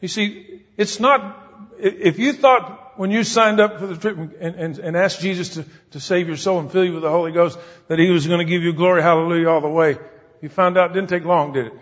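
A man preaching a sermon to a congregation, talking conversationally and turning emphatic, often asking the listeners questions. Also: sits high. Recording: dull lo-fi recording with long hall reverb.

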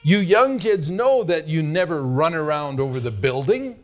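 A male pastor preaching to his congregation in an earnest, admonishing way. His voice sits a little high for a man. He stretches out the words he wants to land. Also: animated. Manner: earnest, admonishing, drawn-out emphasis. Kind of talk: sermon.

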